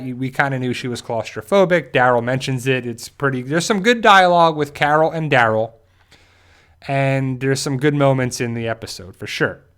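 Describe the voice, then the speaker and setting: Man, livestream host, casual episode recap, rambling, chatty, mid-pitched voice. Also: a bit bright, clean tone. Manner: rambling, conversational, many restarts and asides. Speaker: host of a TV fan channel. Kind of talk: casual live-stream episode review.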